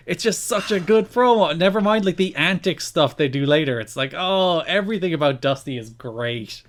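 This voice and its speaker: A man's voice: fairly high pitch, animated, moderate pace. Enthusiastic man recapping for a podcast. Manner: enthusiastic, recaps at length with laughs. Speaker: podcast co-host. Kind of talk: casual chat.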